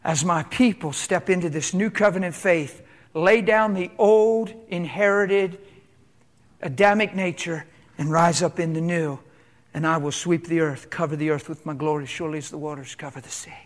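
Speaking at normal speed in a voice on the high side, a man delivers an impassioned church sermon. He asks rhetorical questions and alternates between loud and hushed passages.

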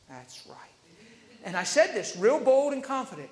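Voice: mid-range voice, normal speed, roomy sound, in a large hall. A preacher telling a healing testimony in a storytelling sermon, acting out the people in the story. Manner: animated storytelling that acts out the people quoted.

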